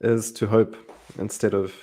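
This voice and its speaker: A man explaining Greek grammar in a relaxed Bible study chat, playful and laughing often. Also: fairly low pitch, a little slow.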